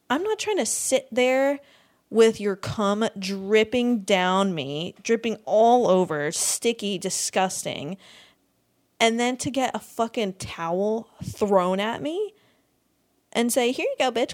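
A woman's voice: medium pitch, a little mellow. A young woman hosting a podcast, ranting in a crude, exasperated comedic monologue, swearing freely and breaking into laughter often. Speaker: podcast host.

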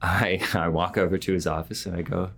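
A man's voice: low voice, fairly even intonation, brisk, vocal fry, fairly bright tone. A young man, a podcast guest, telling a casual story with lots of "uh" and "like" and frequent laughter. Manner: rambling, laughs often, many fillers like "uh" and "like".

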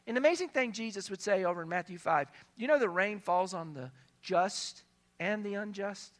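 A male pastor delivering a sermon in a high, bright, ringing voice. He preaches emphatically, moving between hushed passages and loud, stressed lines. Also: normal speed.

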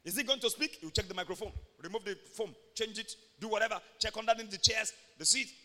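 A man with a Nigerian accent preaching an animated sermon, moving from soft talk to shouts. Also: high-pitched, quick pace, in a large hall. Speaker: pastor. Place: church.

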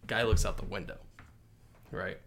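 A man's voice: fairly low pitch, steady tone, moderate pace, a bit bright, slight background noise. A man co-hosting a podcast, telling a long shaggy-dog joke in a rambling way, full of likes and rights. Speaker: podcast co-host. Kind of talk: casual joke-telling chat.

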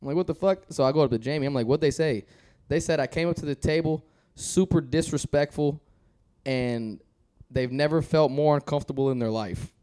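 A man telling a casual story on a podcast, animated and laughing as he goes. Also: fairly high pitch, brisk. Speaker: guest on a podcast.

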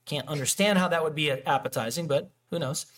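Guy preaching, kinda high voice, loose and chatty, acts out little scenes. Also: fairly quick. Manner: animated, acts out quoted dialogue, frequent restarts and fillers. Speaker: pastor. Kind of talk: casual conversational sermon.

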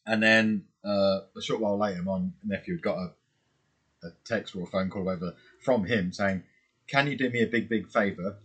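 A man's voice: fairly low pitch, moderate pace, fairly bright tone, breathy edge. A man co-hosting an unedited podcast, chatting casually, swearing and telling stories with silly voices. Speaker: podcast co-host. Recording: unedited home podcast mic.

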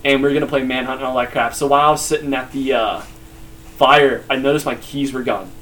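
A young man telling animated, rambling stories in casual chat with friends, swearing now and then. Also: mid-range voice, quick pace, slight background noise. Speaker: guest.

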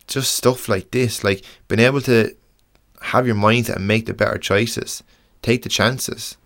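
A young Irish man hosting a podcast, talking earnestly and frankly in a halting way, restarting and swearing as he goes. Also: on the low side, gravelly, a bit bright. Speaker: podcast host. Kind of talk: casual podcast monologue.

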